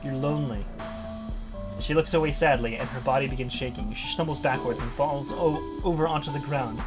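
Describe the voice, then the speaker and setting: A man's voice: mid-range voice, brisk, music in the background. A man streaming, reading a text adventure aloud and reacting live, laughing often and swearing in surprise.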